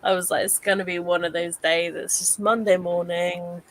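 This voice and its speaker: A woman's voice: lowish voice, little pitch movement, moderate pace, dry recording, poor audio. A young woman hosting a casual livestream chat, chatty and laughing often between yawns. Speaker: host of a reading sprint livestream.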